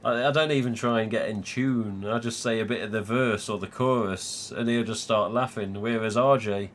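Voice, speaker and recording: A man's voice: on the low side, steady tone, moderate pace, a little hiss or hum. A man from England hosting a live stream, chatting casually, swearing freely and laughing often. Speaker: livestream host.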